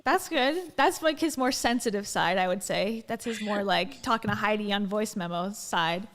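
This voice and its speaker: A woman's voice: medium pitch, moderate pace, a bit bright. A woman co-hosting a casual chat, talking loosely and filling with "like". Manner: rambling, hedging with "like". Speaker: podcast co-host.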